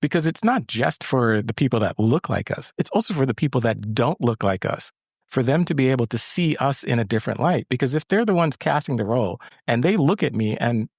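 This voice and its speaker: A man's voice: medium pitch, big pitch swings, brisk, darkish tone, no room sound, clean studio sound. A young adult man, an actor and co-host, telling a story in a casual chat and often repeating words as he starts. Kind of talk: casual conversation.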